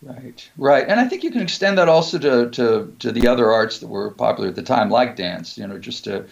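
A man's voice: mid-range voice, lively intonation, brisk, gravelly. A man in a scholarly discussion, talking thoughtfully and discursively with some hesitation. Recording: dull lo-fi sound.

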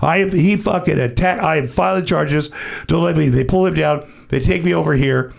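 A man telling an animated, profanity-laced anecdote as a podcast guest, acting out what others said. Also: on the high side, moderate pace, creaky. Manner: acts out other people's lines. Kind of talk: casual storytelling.

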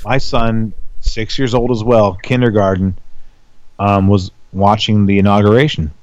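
A man's voice: fairly low pitch, little pitch movement, unhurried, a little mellow. A young adult man on a podcast, talking in a profane, heated rant. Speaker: podcast co-host. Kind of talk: casual chat. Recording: dull lo-fi sound.

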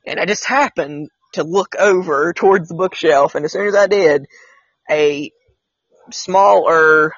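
Husky-voiced man sharing his own ghost stories. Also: on the high side, no room sound. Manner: rambling, hesitant, with frequent laughs and restarts. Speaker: podcast host. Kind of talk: casual storytelling chat. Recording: slightly dull, dry sound.

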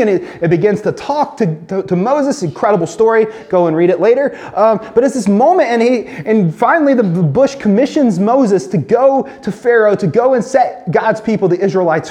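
High-voiced man preaching a sermon. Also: animated, darkish tone. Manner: earnest, emphatic, slows and drops low when quoting God. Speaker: pastor.

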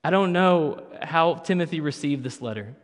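A man's voice: a little high, lively intonation, moderate pace. A man preaching a sermon as pastor, conversational with playful asides. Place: church sanctuary. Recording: long reverb of a church hall.

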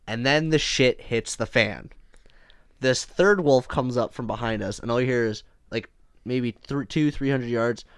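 A man telling a hunting story in casual chat, animated and acting out what people said. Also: medium pitch, measured pace, smooth, no room sound, studio quality. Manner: animated storyteller, acts out quotes. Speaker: hunter telling a trip story.

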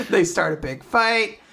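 In a gravelly, husky, mid-range voice, a woman co-hosting a casual podcast chat retells a manga chapter with animation. She acts out the characters' quotes and laughs throughout.

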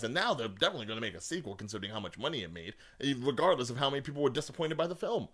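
A man co-hosting a casual podcast chat, ranting with big jumps in pitch when worked up. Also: sing-song, racing, few pauses, a bit bright. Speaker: podcast co-host.

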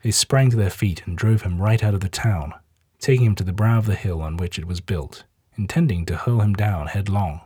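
A man narrating a Bible passage in a steady, measured reading. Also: sits low, breathy edge, no echo, clean studio sound. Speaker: scripture reader.

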